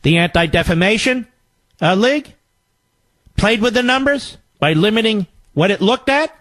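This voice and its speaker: A man's voice: high voice, expressive, moderate pace, a bit bright, dry recording, rough recording. Sarcastic, combative male radio host. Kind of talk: political commentary monologue.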